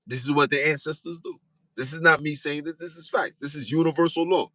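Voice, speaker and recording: A podcast host preaches in a fiery monologue, his fairly high voice steady in tone and a little fast. Insistent and repetitive, he raises his voice until he is shouting. The recording is dry and low in quality.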